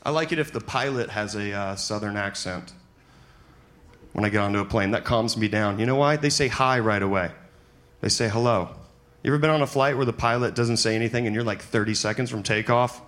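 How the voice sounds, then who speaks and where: A man performing a stand-up set on a comedy club stage, animated and breaking into high-pitched panicky outbursts. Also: a little fast. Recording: live stand-up recording with room noise.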